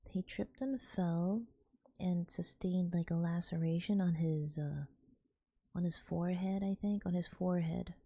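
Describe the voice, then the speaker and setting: A woman, softly whispering as a streamer telling a story in ASMR style, rambling with restarts. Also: fairly low pitch, steady tone, normal speed, creaky, breathy edge, dry recording.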